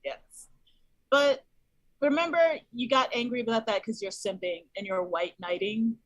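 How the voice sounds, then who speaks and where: A woman's voice: a little high, moderate pace, fairly bright tone, no room sound. A woman guest on a podcast, telling her thoughts hesitantly with many fillers in casual chat.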